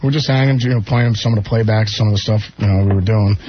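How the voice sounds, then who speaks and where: A man's voice: on the low side, fast. Rambling man telling wild stories. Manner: rambling, animated anecdotes with put-on quotes. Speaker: guest musician. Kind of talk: casual storytelling on radio. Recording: muffled radio broadcast with faint hiss.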